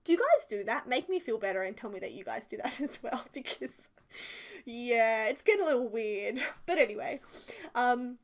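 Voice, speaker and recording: A woman's voice: fairly high pitch, expressive, normal speed. A woman, chatting casually and rambling through a voiceover for her building video, full of filler words. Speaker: video creator.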